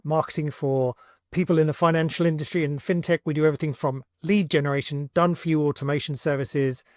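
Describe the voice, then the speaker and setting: Relaxed man walking through a tutorial. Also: fairly high pitch, fast talker, no echo, studio quality. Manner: casual, relaxed, thinks aloud with fillers while typing. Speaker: tutorial host, agency owner. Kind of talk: screen-recorded software tutorial.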